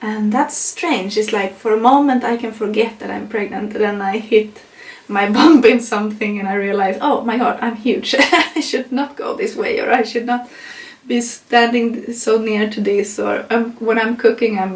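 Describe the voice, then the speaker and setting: A woman's voice: medium pitch, vocal fry, distant mic. Young woman, non-native English, casual vlog chat, laughs often, echoey room, a little off-mic. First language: not English. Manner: chatty, laughs often, many fillers. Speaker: vlogger. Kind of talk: casual pregnancy update vlog.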